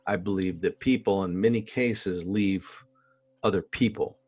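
A man's voice: deep voice, unhurried, darkish tone, soft background music. A middle-aged man co-hosting a podcast, talking earnestly in casual chat, laughing easily and repeating his point. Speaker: podcast co-host.

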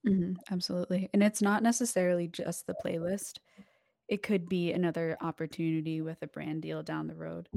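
A young woman joins a podcast as a guest and chats casually, leaning on fillers and laughing asides. Her voice sits a little low. The sound is dry and close. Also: little pitch movement, brisk, vocal fry, a little mellow, dry recording. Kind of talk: casual chat.

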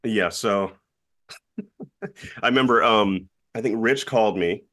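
A man talks as a guest in a relaxed interview, his voice sitting a bit on the low side. He tells his stories with lively energy and acts out the other people in them. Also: a little slow. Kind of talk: casual interview storytelling.

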